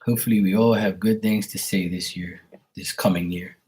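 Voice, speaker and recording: A man with a somewhat low-pitched voice talks loosely and warmly to his viewers on a live stream. He greets people by name at an easy pace from his home. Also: fairly even intonation, moderate pace. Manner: greets viewers by name, affectionate and laid-back. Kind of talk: casual live-stream chat.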